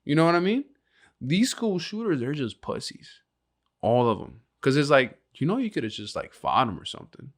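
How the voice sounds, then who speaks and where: A man's voice: mid-range voice, sing-song, moderate pace. A young man co-hosting a casual podcast, talking brashly and profanely, laughing and acting out little scenes. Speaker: podcast co-host.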